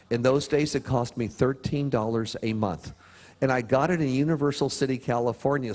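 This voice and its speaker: A man speaking at a motivational seminar, telling a story with lively swings in pitch and pauses for emphasis. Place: prison chapel or hall.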